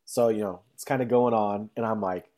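A man's voice: fairly even intonation, fairly quick, dark tone. Young man rambling through a story. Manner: rambling, heavy on fillers like "like" and "um"; acts out quotes in high, exaggerated voices. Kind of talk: casual storytelling.

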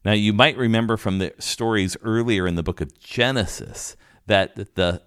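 Male pastor, deep low voice, explanatory sermon delivery, dry close sound. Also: moderate pace, clean tone, no room sound. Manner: teaching, explanatory, with restarts and fillers.

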